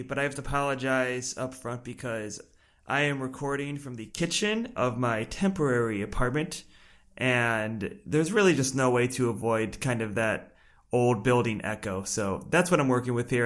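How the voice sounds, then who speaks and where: A man's voice: mid-range voice, lively intonation, normal speed, fairly bright tone. A man co-hosting a travel podcast from a small apartment kitchen, talking casually with dry, wry humor. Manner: wry, dry humor with self-aware asides. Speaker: podcast co-host. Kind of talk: conversational podcast talk.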